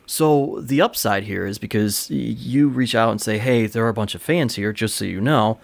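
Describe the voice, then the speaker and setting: A man's voice: lowish voice, moderate pace, gravelly. A man hosting a podcast, telling a backstage story in a loose, rambling way, swearing casually and laughing now and then. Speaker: podcast host, wrestling promoter.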